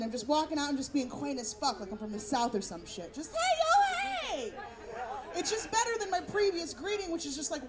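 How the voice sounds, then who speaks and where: A woman from San Francisco doing a brash, profane stand-up set as a storytelling comedian. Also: high voice. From San Francisco, USA. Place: comedy club stage. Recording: live club with audience.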